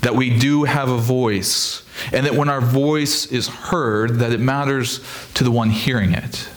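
A man preaching a sermon, earnest and steady, leaning on emphatic repetition. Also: medium pitch, a little slow. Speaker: pastor.

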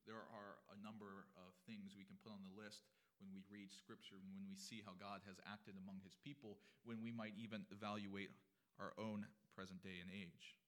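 A man's voice: on the low side, little pitch movement, moderate pace, fairly bright tone. A man preaching a sermon in a church, earnest and emphatic, building up and then dropping back. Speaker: pastor. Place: church sanctuary.

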